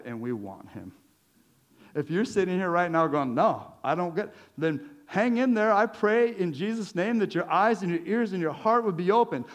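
A slightly high-voiced man preaches in a relaxed, conversational way. He is lively and joking as a pastor, with chuckles dropped between his points. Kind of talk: conversational sermon.

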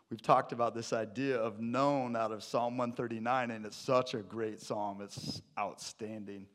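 A man's voice: mid-range voice, steady tone, normal speed, few pauses, fairly bright tone. A man preaching a sermon, opening with a funny story before teaching on scripture. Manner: storytelling with a joke, then teaching. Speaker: pastor.

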